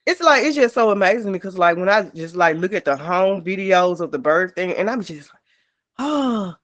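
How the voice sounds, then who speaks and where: A woman's voice: lowish voice, fairly quick, dry recording. A woman co-host chatting casually, emotional and effusive, in a slangy way. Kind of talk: casual chat.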